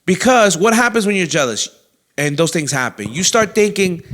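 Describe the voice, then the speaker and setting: A young adult man and comedy show host, telling a story in a loud, animated way with constant swearing and acted-out quotes. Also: high-pitched, normal speed.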